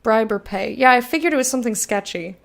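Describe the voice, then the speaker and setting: Fast and expressive, this woman's fairly high, slightly bright voice has some vocal fry. She's playing a game on stream, reading the text out loud and talking openly with her audience, cursing without restraint.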